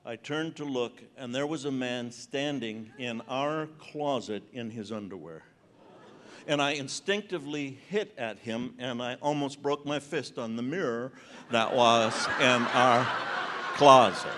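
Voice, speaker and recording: A man's voice: medium pitch, measured pace, fairly bright tone, slight background noise. A man in his seventies performing stand-up comedy on a conference stage, bantering and teasing the audience. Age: 70s. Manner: conversational, teasing audience members. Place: large conference hall stage.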